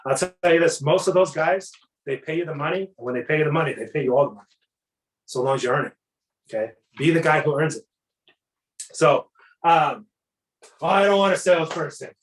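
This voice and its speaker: An energetic man coaches salespeople in a loose, talkative way and slips into little acted exchanges with customers. His voice sits a bit high for a man. The sound is roomy and echoey. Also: fairly quick, long pauses. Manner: energetic, acts out customer dialogues. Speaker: sales trainer. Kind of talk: casual sales coaching talk. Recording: echoey room.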